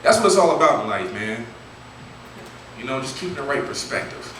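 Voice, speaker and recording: Man, stand-up comic, profane chatty storytelling, very lively pitch, far from mic, crowd noise. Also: brisk. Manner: loose, profane, conversational storytelling. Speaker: headlining stand-up comedian. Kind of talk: stand-up comedy set. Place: live comedy venue. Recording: echoey room, distant mic, audience noise.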